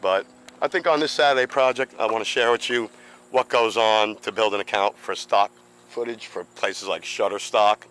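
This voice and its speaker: A man's voice: on the low side, moderate pace, a bit bright, low-quality recording. A man in his fifties talking casually while walking outdoors on a seaside boardwalk, a little out of breath, rambling in an easygoing way. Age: 50s. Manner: rambling, self-chatting, easygoing. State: slightly out of breath. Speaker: vlogger.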